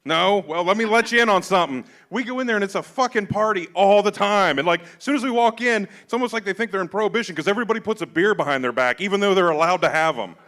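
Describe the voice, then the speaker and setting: This comedy show host and comic rattles through profane stand-up stories at a club, acting out each line of dialogue. His high, slightly bright voice moves quickly with few pauses.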